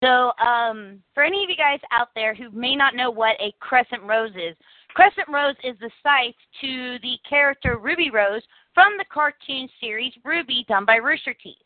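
A woman hosting a casual podcast chat, talkative and animated, laughing often. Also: a little high, normal speed, no echo. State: coughing after swallowing the wrong way. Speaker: podcast host. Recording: dry, phone-like audio.

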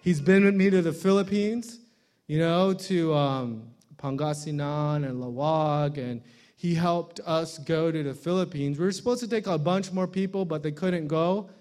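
A man's voice: on the high side, normal speed, darkish tone. A man, a guest pastor opening his sermon with jokes and playful put-on voices. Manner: joking, playful, does voices and accents.

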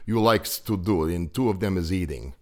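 Man doing a Serbian-accented buddy, jovial and teasing, a bit higher and louder than his own voice. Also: lively intonation, moderate pace. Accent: Serbian (put on).

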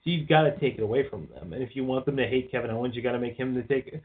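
A man's voice: mid-range voice, rapid-fire. Rambling man on a tinny line. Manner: rambling, swears often, leans on "like". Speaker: podcast co-host. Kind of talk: casual chat.

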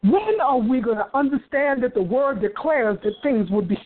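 A woman's voice: sits high, animated, normal speed, narrow, tinny audio, a little hiss or hum. A woman preaching with fervor, breaking into hallelujahs and repeating phrases as she drives her points home. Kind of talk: fervent preaching.

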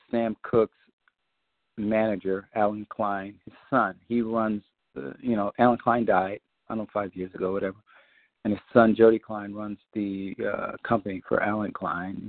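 A man on a community call, telling a long story in a loose, profane way and acting out scenes with high-pitched quotes. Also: no room sound. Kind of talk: animated storytelling chat. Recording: dry, phone-like line.

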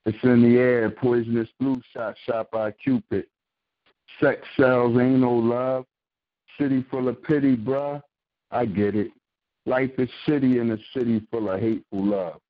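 A man's voice: medium pitch, dry recording. A man from Philadelphia calling in to recite a spoken-word poem with a rhythmic, punchy delivery. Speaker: caller, poet. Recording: dull, lo-fi call-in line.

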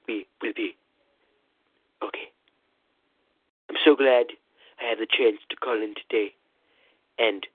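Man doing a husky blustering president over the phone. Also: medium pitch, dry recording. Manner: rambling, repetitive "listen", boastful bluster. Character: blustering boastful male president, rambling and self-praising. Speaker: comedy caller. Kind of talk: comic impression call-in. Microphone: phone call-in. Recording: tinny phone line, dry.

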